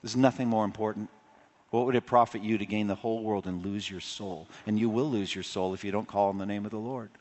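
A man preaching a sermon with passion, surging louder on key points and dropping low and quiet for personal appeals. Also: steady tone, brisk. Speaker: pastor. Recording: long hall reverb.

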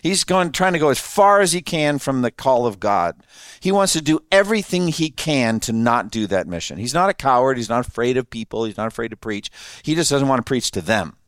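A man's voice: medium pitch, lively intonation, brisk, no echo. Guy giving a chatty sermon, laughs a lot, quizzes the crowd, dry close sound. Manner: conversational, laughing often, asking the audience questions. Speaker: preacher. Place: room with an audience.

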